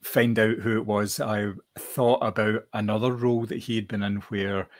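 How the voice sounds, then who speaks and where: A man chatting casually about a film, relaxed and halting with many restarts. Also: fairly low pitch. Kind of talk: casual film review chat.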